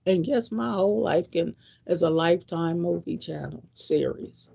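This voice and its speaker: A woman's voice: on the low side, moderate pace, creaky, warm tone, breathy edge. A woman in her sixties giving a blunt, preachy monologue to camera, repeating her points. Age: 60s. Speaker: vlogger.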